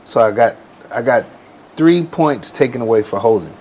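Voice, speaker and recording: Relaxed man telling a boxing story. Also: mid-range voice, moderate pace, slight background noise, low-quality recording. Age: 40s. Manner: relaxed, conversational storyteller with casual slang. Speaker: boxer and ring announcer, guest. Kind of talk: casual interview storytelling.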